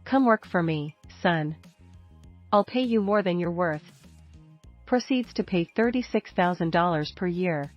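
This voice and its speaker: Low-voiced female narrator, lo-fi. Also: animated, unhurried. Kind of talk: scripted narration of reader posts. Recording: dull lo-fi sound with faint music.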